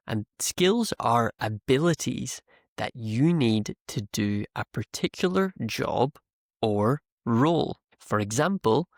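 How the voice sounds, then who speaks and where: A man teaches English vocabulary at a very slow, deliberate pace, repeating each key word for learners. His voice has a gravelly edge. He speaks close to the mic in a dry, dead room. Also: mid-range voice, no echo. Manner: explains slowly, repeats key words. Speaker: English teacher and podcast host. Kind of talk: slow, clear teaching monologue.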